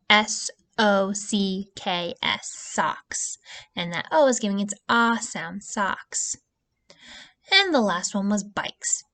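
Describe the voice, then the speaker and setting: Slow, patient woman teaching spelling. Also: medium pitch, fairly bright tone. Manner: slow, patient, stretches out vowel sounds. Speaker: early-years teacher. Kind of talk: remote spelling lesson for young children.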